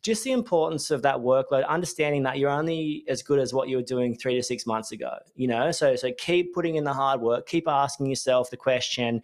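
An Australian man in his thirties hosts his own podcast. He rambles cheerfully and corrects himself as he goes, at a middle pitch. His delivery is relaxed, upbeat and chatty. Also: brisk, hardly any pauses. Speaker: business coach and podcast host. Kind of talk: casual solo podcast talk.

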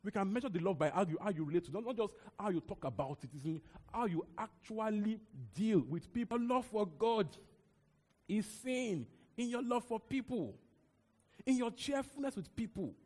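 Young nigerian man preaching, high voice, animated and chatty, long reverb of a big hall. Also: moderate pace. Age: young adult. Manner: animated, conversational preaching with repeated words and asides. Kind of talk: sermon.

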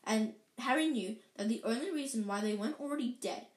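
A woman reading a children's novel aloud, slowing down to linger over vivid details. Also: on the high side, echoey room, poor audio. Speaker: reader.

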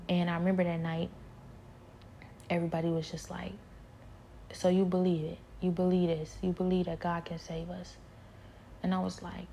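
A woman telling a personal spiritual testimony in a rambling, soft-spoken way, with plenty of fillers and repeats. Her voice is gravelly and dark. She keeps it fairly level, and her words often sink to a whisper. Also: lowish voice, slight background noise.

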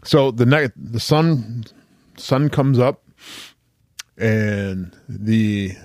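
A man telling a story slowly and casually, stopping and restarting often and swearing freely. His voice sits at an ordinary pitch. The sound is dry and close, with no room echo. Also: darkish tone. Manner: loose, profane, halting with fillers. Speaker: podcast host.

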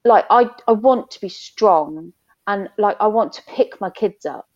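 A woman's voice: mid-range voice, animated, measured pace, darkish tone, dull audio. A woman in her thirties, chatting openly as a podcast guest and telling stories with laughter. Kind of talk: casual chat.

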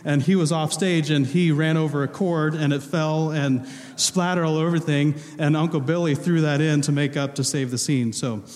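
A man's voice: fairly high pitch, fairly even intonation, moderate pace, hardly any pauses, a little mellow. A male pastor talking casually from the pulpit, joking with the congregation while quizzing them on movie quotes. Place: large church hall. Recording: long hall reverb.

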